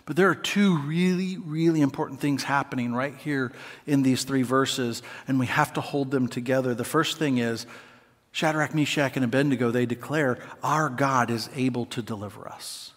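A man preaching a sermon as pastor, conversational and animated, with playful asides to the congregation. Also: medium pitch, moderate pace. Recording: long hall reverb.

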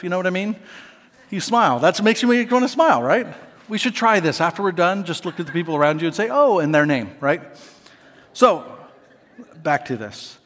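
A man preaching a sermon as pastor, conversational and animated, with playful asides to the congregation. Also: fairly high pitch, fairly quick. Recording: long hall reverb.

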